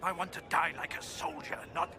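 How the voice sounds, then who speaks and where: An actor playing a weary middle-aged male army marshal who talks formally and gruffly and scorns rebels. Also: on the high side, steady tone, a little fast, background noise, close to an everyday voice.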